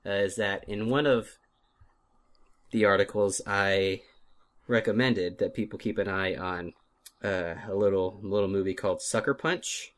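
A man's voice: fairly low pitch, fairly even intonation, unhurried. A man co-hosting a casual movie podcast, rambling and self-deprecating with many fillers. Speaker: podcast co-host, film list maker.

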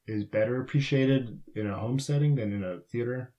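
A man's voice: mid-range voice, brisk, highs cut off. A young man co-hosting a casual film chat, answering with brief, dry remarks. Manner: dry, brief quips and backchannels. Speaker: podcast co-host.

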